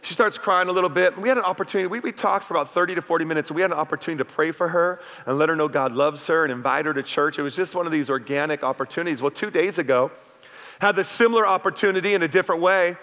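High, bright-voiced man preaching in a hall. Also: racing. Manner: conversational, with call-outs to the congregation. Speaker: pastor. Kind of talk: sermon. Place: church sanctuary. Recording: reverberant hall.

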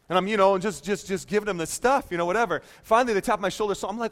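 A man preaching a sermon, telling stories in an animated, self-mocking way with joking asides. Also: high voice, very fast, hardly any pauses.

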